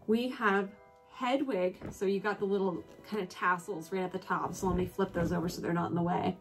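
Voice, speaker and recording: A woman chatting casually through a product haul, gushing and excitable, often breaking into squeals of delight and correcting herself mid-sentence. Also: medium pitch, normal speed, soft background music. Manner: chatty with self-corrections and asides. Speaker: home and collectibles vlogger.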